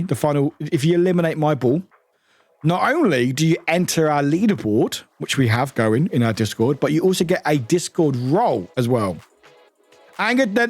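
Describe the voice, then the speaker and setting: Tired British man streaming, lively pitch. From United Kingdom. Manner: excitable, rambling, swears and laughs often. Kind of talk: casual livestream chat.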